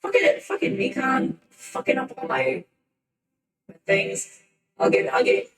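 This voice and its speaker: Woman, high and animated pitch, slow rambling stream chatter. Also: breathy edge. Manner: rambling, offhand, swears casually. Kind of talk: casual live-stream chat.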